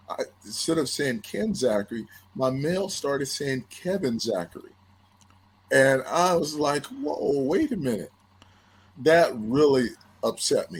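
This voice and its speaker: A man, a former football player, telling a story as a podcast guest in a lively, animated way, often repeating his words as he starts a sentence. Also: mid-range voice, husky. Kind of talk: casual storytelling.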